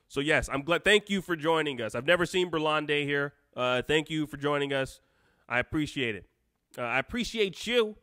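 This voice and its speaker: A man hosting an unscripted live stream, rambling and excitable, with lots of restarts as he reads out viewer chat. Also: a little high, no room sound, clean studio sound.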